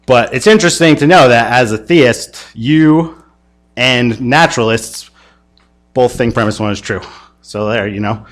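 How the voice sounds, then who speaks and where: A man's voice: mid-range voice, unhurried. A man teaching a church discussion class in a casual, rambling lecture full of fillers and restarts. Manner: rambling, hesitant, many fillers.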